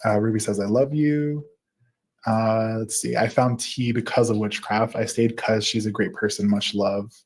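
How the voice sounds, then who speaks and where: A man's voice: fairly low pitch, steady tone, normal speed. A man in his thirties hosting a live stream, reading viewers' comments aloud with frequent laughs and fillers. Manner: warm, laughs often, reads with fillers. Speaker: host.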